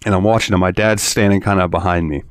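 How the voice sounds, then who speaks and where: A man's voice: low-pitched, steady tone, fast talker, clean tone, no room sound, studio quality. A man co-hosting a podcast, telling a rambling story in casual chat, laughing and swearing freely. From Florida. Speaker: podcast co-host.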